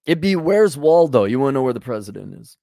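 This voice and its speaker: A man's voice: medium pitch, lively intonation, very fast, vocal fry, warm tone, dry recording, studio quality. A man hosting a livestream, ranting sarcastically and bluntly while reading out donations. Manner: sarcastic, blunt, acts out imagined dialogue. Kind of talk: casual ranting monologue.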